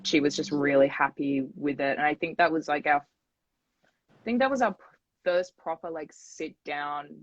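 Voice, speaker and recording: A woman's voice: low-pitched, normal speed, no echo, lo-fi sound. A young woman in casual chat on a phone livestream, talking enthusiastically and fondly. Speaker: actor in a live chat.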